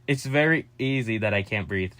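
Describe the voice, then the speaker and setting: A man rambling to his viewers in a casual vlog, addressing them constantly and hopping between subjects. His pitch swings up and down animatedly, and his delivery stays scattered and playful. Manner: excitable and scattered, jumping between topics; addresses viewers as "guys", quick asides and joking. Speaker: vlogger.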